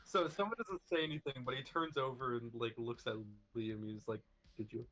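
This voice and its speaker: A man's voice: medium pitch, expressive, brisk, fairly bright tone. A man taking part in a tabletop role-playing game, talking in a hesitant, filler-heavy way. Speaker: player. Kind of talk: casual tabletop play.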